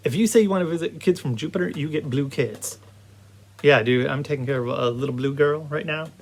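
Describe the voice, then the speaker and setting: A man giving a casual video game review, talking in an animated, rambling way full of restarts. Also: on the high side.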